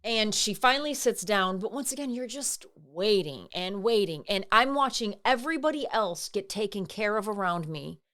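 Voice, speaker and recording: A woman's voice: mid-range voice, normal speed, few pauses. Chatty woman telling a story. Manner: animated, acts out quoted voices. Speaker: podcast co-host. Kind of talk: casual chat, storytelling.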